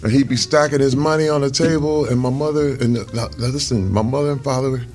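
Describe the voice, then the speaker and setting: A man's voice: medium pitch, fairly even intonation, quick pace, a little mellow, faint music behind. A man being interviewed over a meal, telling earnest, reflective stories. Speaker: interview guest.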